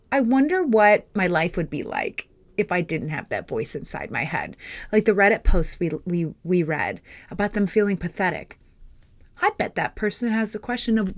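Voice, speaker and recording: Woman podcast host, earnest coaching tone, mid-pitched, at times near-whispering. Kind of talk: casual self-help talk. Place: indoors, filming a podcast.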